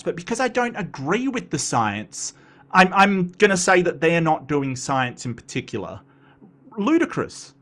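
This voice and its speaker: A man's voice: high-pitched, big pitch swings, normal speed, fairly bright tone. A man hosting a reaction commentary, talking in an exasperated, sarcastic and mocking way. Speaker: commentary host reacting to a video.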